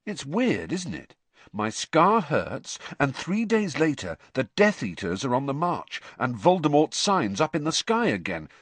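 A man voicing an earnest, troubled teenage boy in a storybook reading, in a raised pitch. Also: wildly swooping pitch, measured pace, husky, no echo, full character voice.

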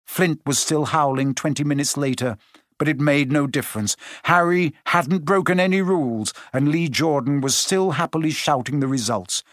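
A man narrating a story aloud, expressive and changing his pace as he reads. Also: fairly high pitch, normal speed, no room sound, studio quality. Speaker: audiobook narrator. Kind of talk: scripted narration.

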